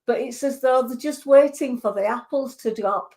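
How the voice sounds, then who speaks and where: A woman clairvoyant giving psychic readings on a radio show, earnest and reassuring, with hesitant pauses. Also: high voice, vocal fry, darkish tone.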